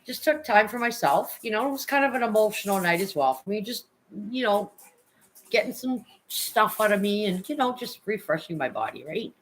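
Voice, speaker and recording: In a medium-pitched, sing-song voice at a moderate pace, a woman streamer hangs out with her chat, greeting people by name. She's open and emotional, swears without restraint, and the recording quality is low.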